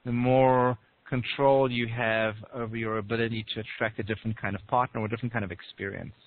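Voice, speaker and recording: A man's voice: medium pitch, flat delivery, fast talker, a little hiss or hum. Man giving advice over a tinny phone line. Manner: storytelling, acts out small voices in anecdotes. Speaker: relationship coach guest. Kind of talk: casual advice on a call.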